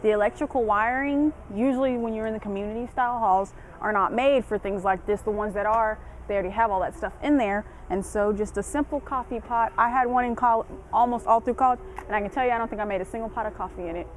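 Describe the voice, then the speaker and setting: A woman's voice: fairly high pitch, quick pace, few pauses, slight background noise, rough recording. A young woman giving casual college dorm advice, chatty and colloquial, laughing often.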